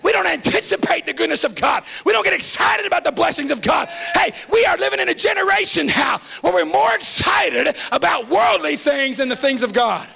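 A man preaching a fiery revival sermon as a visiting preacher, shouting and repeating lines for emphasis. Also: very high-pitched, expressive, fairly quick, vocal fry, hardly any pauses, faint music behind. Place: church sanctuary.

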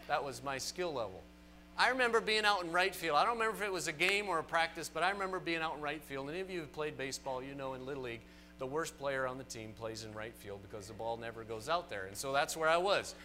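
A man with a Southern US accent preaching a sermon to a congregation, animated and emphatic with folksy asides. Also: on the high side. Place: church sanctuary.

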